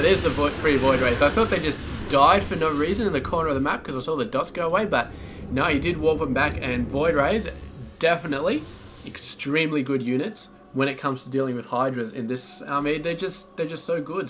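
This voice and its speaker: Guy casting a strategy game by himself, kinda high voice, laid-back chatter, hiss in the background. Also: a little fast. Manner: casual, chatty, with filler asides. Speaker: game caster. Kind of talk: solo esports commentary.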